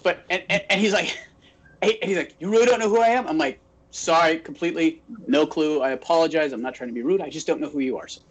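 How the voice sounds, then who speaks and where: Talking fast with a breathy edge, a man whose voice runs on the high side co-hosts a podcast. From Phoenix, Arizona, he tells stories in casual chat, animatedly acting out the quotes.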